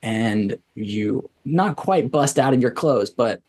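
A man running a tabletop game as game master, narrating slowly and deliberately, with relaxed laughs. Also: medium pitch, husky, no room sound.

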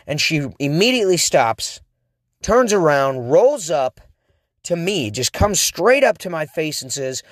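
A podcast host tells a personal story in a rambling casual monologue, self-deprecating and full of restarts, at normal speed. His mid-range voice has lively intonation, recorded dry on a close mic.

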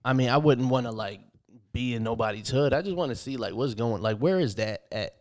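A man's voice: medium pitch, lively intonation, brisk. A man co-hosting a casual podcast chat, trading laid-back, laughing banter. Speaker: podcast co-host.

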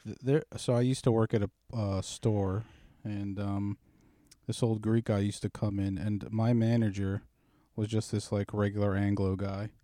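A man's voice: lowish voice, flat delivery, normal speed, mellow, dry recording, studio quality. A man telling a story in a casual podcast chat, swearing freely and teasing his co-host.

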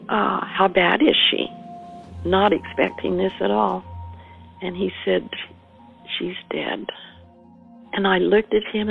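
Older woman, gravelly voice, flat delivery, tinny phone line, faint music underneath. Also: mid-range voice. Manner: measured storytelling, quoting herself and her daughter. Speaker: interviewee, mother of a murder victim. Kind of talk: personal recollection.

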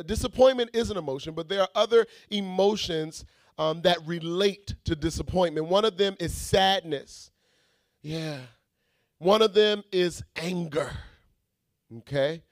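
A man preaching a sermon, swinging from shouted prayer to quiet teaching and calling out to the congregation. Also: fairly high pitch, no echo, clean studio sound. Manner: calls out to the congregation.

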